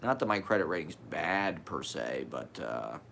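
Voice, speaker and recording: A man's voice: a bass voice, sing-song, unhurried, gravelly, a bit bright, a little hiss or hum. A man with a slight lisp, talking candidly in a rambling personal monologue, swearing and laughing as he goes.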